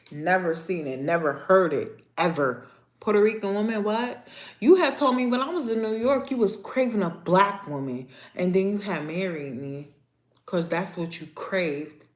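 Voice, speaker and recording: A young adult woman, hosting a casual livestream and ranting to her viewers in a sassy, animated way. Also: lowish voice, moderate pace. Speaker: livestream host. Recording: echoey room.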